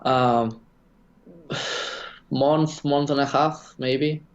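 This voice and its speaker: A man's voice: mid-range voice, steady tone, extremely slow, lo-fi sound. A man answering interview questions as a guest developer, hesitant with lots of fillers. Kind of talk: casual interview answers over a call.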